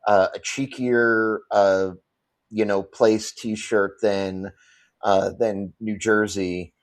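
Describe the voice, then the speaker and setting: A man's voice: fairly low pitch, flat delivery, very slow. A man from New York hosting a podcast interview, often stumbling and repeating words as he starts a thought. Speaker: podcast host. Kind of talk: casual interview.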